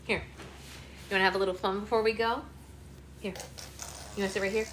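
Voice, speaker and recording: A woman hosting a book club live stream, chatting with her toddler in sing-song, animated baby talk. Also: mid-range voice, fast, pauses often, a little hiss or hum.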